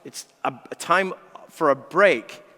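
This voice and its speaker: Priest preaching in an echoing church. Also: male voice, fairly high pitch, slow, sharp tone. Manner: earnest preaching with emphatic rises. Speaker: parish priest. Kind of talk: homily. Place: large church. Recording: long church reverb.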